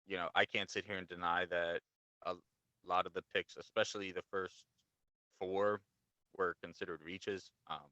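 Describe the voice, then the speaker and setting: A man's voice: sits low, little pitch movement, normal speed, sharp tone, no echo, dull audio. A man co-hosting a sports podcast, explaining at length in a laid-back way with fillers. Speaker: podcast co-host. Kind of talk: casual sports chat.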